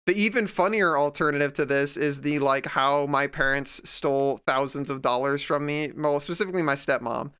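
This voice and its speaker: A man's voice: fairly high pitch, moderate pace, few pauses, fairly bright tone, smooth. A young man streaming while drawing, chatting casually and ranting sarcastically at a desk microphone. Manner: sarcastic, ranting, mocking voices of others.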